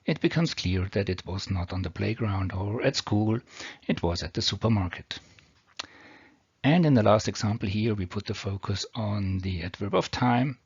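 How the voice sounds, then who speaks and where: Here a man with a non-native accent patiently teaches English grammar over slides, step by step. His voice sits on the low side and is husky, delivered at normal speed. There is no echo, and the audio is dull, lo-fi and homemade.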